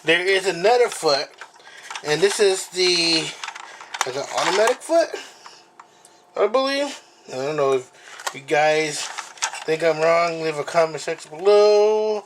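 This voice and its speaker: A man hosting a casual unboxing vlog at home, talking in a rambling, halting way with many fillers and apologies, recorded on the camera mic. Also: a little high, animated, background noise. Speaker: video host.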